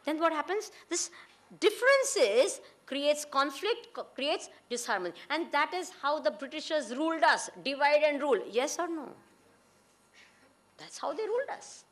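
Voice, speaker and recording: A woman's voice: high voice, animated, moderate pace, fairly bright tone. A woman with an Indian accent giving a talk to an audience, often asking them questions and mixing in Hindi and Gujarati phrases. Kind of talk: lecture to an audience.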